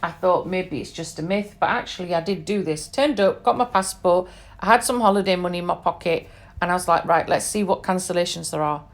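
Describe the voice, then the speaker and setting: A woman's voice: on the low side, fairly quick. A British woman in her forties hosting a podcast, telling personal stories in a chatty, emphatic way with frequent fillers and asides. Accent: British English. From England. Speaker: podcast host. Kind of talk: personal storytelling monologue.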